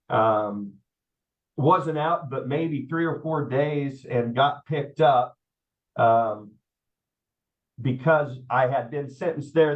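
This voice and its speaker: A man, telling his life story in an interview, halting with many fillers and repeats. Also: mid-range voice. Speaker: guest. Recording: slightly dull audio.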